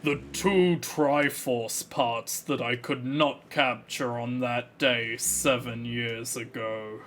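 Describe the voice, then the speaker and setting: A man voicing a gloating male evil king villain from a video game, speaking slowly with a slight frog in his throat. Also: medium pitch, steady tone, a bit bright.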